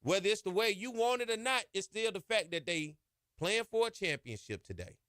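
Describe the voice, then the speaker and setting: A man's voice: sits high, lively intonation, normal speed, a bit bright, clean tone, no room sound, studio quality. A man hosting a sports podcast, talking emphatically and colloquially with lots of "y'all" and "ain't.". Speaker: podcast host. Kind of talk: impassioned sports podcast monologue.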